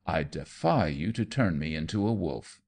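A man's voice: sits low, sing-song, normal speed, gravelly, a little mellow, exaggerated voice. A man voicing a provocative society hostess who teases and dares. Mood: teasing dare. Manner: taunting, daring.

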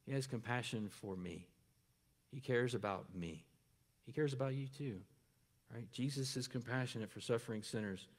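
A man's voice: mid-range voice, a little mellow, long reverb tail. A man preaching a sermon as pastor, often asking the congregation questions and pressing his points home.

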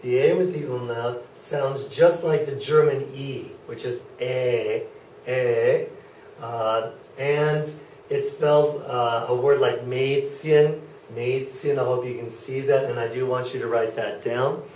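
In a mid-range, steady, slightly mellow voice, a German teacher lectures slowly and patiently, pausing often and saying okay to make sure students keep up. A camera at the back of the room captures him sounding distant and echoey, with a faint hum beneath.

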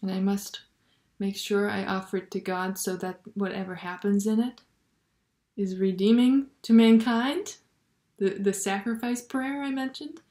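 A woman speaks in a slow, thoughtful way, sharing a spiritual reflection at an unhurried pace. Now and then her voice softens into a near-whisper. The recording carries a noticeable roomy echo. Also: medium pitch, steady tone. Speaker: Catholic video blogger.

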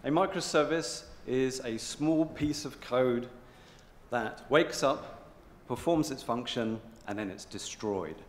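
A man giving a rehearsed pitch presentation in a hotel conference hall, stressing words in a deliberate, drawn-out way. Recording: echoey hotel hall with long reverb.

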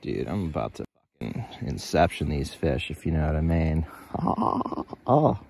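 A man's voice: very deep voice, very animated, measured pace, vocal fry, a little mellow, slightly rough, dry recording. A man vlogging a winter fishing trip by a lake, joking and rambling to himself as he casts. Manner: jokey, rambling, mutters to himself. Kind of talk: casual outdoor vlog narration. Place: outdoors by a pond and lake in winter.

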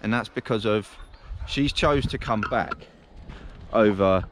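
A lowish-voiced man talks casually to his viewers as he walks through woodland. He rambles easily from thought to thought and breaks off now and then to call his dogs. Wind and outdoor noise sit clearly under his voice. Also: unhurried, fairly bright tone. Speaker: vlogger walking his dogs. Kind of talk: casual chatty walking vlog. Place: outdoor woodland on a windy day.

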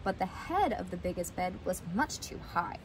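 A woman teacher reading a fairy tale aloud to children with expressive, animated storytelling. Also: fairly low pitch, normal speed. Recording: noisy, with vehicle sounds.

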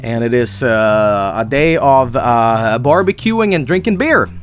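A man's voice: mid-range voice, expressive, measured pace, faint music behind. A man with a Swedish accent, a native Swedish speaker, giving rambling, joking commentary over a game stream and swearing freely.

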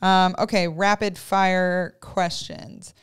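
A woman with a smooth, clear voice runs through listener questions on a podcast. She keeps things light and moving. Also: on the low side, little pitch movement, slow pace. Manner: upbeat, reading out listener questions. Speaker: podcast co-host. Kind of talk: casual chat.

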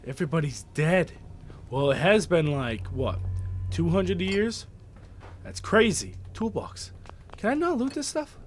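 A young man hosting a let's play, reacting out loud with lots of swearing and animated outbursts. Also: fairly high pitch, a little slow, pauses often, a little hiss or hum. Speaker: gaming video host.

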